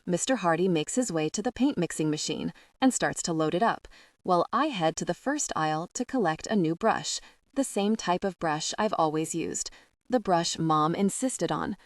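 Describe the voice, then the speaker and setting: A woman narrating a first-person romance audiobook in a measured, wry way. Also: lowish voice, expressive, dry recording, clean studio sound.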